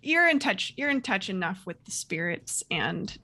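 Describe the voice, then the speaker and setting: A woman game master narrating a tabletop game, halting with many fillers. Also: mid-range voice, very animated, bright, forceful tone.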